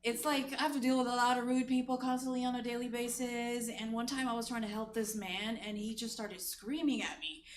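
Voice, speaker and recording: A woman's voice: on the high side, steady tone, a little fast, hardly any pauses, slight background noise. A woman hosting a comedy show and doing a stand-up set, chatty and laughing at her own jokes, with many filler words. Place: comedy stage in an echoey room. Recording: echoey live room recording.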